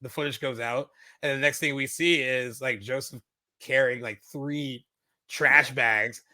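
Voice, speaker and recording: Man, bright tense tone, close dry mic, casual film-podcast chatter full of "like" fillers. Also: mid-range voice, steady tone, a little slow, dry recording. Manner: rambling, many "like" fillers, retells scenes. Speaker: podcast co-host.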